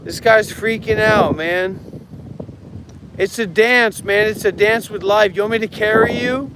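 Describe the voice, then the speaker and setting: A man's voice: high-pitched, measured pace. A man from America live streaming outdoors, preachy and profane, urging someone along and repeating "man.". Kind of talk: rambling live stream banter. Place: outdoors on a street. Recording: loud wind noise outdoors.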